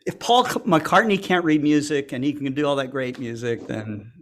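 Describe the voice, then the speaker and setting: A man with a slightly high, somewhat bright voice co-hosts an astronomy community livestream at a moderate pace, with slight background noise. His casual chat is joking and self-deprecating, and he laughs often between loose, rambling remarks full of fillers.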